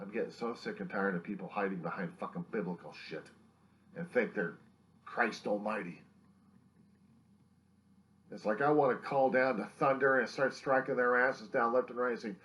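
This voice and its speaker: A distressed man rants into his video diary in a fairly low voice. He sounds bitter and profane. He swings between loud angry outbursts and hushed, near-whispered lines. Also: moderate pace, long pauses. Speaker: video diarist.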